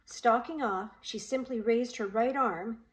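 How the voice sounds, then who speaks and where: A woman's voice: fairly high pitch, measured pace, rough recording. A woman reading a children's novel aloud, giving each character a voice of their own. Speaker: audiobook reader. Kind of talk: storybook narration with character voices.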